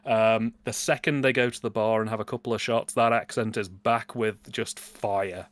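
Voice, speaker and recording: A man's voice: fairly low pitch, fairly even intonation, normal speed, no echo. A man with a British accent co-hosting a livestream, chatting in a jokey, playful, rambling way. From United Kingdom. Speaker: guest co-host. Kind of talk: casual chat.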